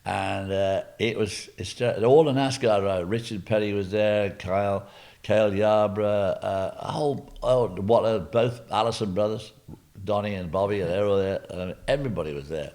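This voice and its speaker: A man's voice: lowish voice, fairly even intonation, moderate pace, a little mellow. An older man with an English accent, telling humorous racing stories as an interview guest, rambling with asides. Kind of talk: anecdotal storytelling.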